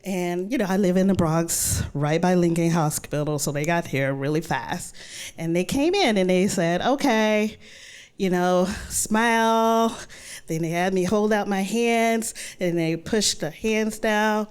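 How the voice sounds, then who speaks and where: Lively woman telling a personal story. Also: fairly low pitch, a little slow, smooth. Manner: animated, quotes her own thoughts in raised voices.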